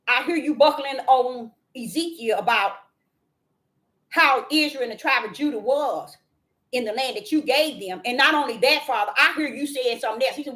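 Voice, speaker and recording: Fiery high-voiced woman preaching, scolding. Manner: scolding, swings from low mutters to shouted outbursts. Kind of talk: fiery street sermon.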